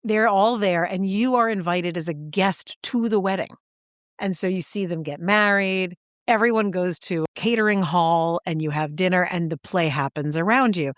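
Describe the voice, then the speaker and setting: A woman co-hosting a podcast, chatting and telling stories with animated impressions. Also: fairly low pitch, normal speed, no echo, studio quality. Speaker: podcast co-host. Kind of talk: casual chat.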